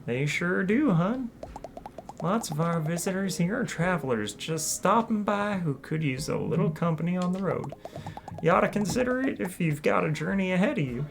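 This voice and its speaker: A woman's voice: lowish voice, expressive, normal speed, vocal fry, a little hiss or hum, pitched above the performer's own voice. Kindly middle-aged crab innkeeper lady, Southern US accent, homey hostess talk, voiced by a woman. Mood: friendly.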